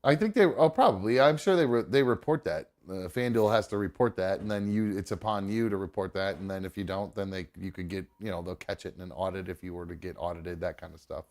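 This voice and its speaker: A man's voice: sits low, fast, few pauses, a little mellow. A man hosting a live podcast, talking in a loose, joking, profane way with lots of fillers. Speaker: podcast host. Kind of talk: casual live show chat.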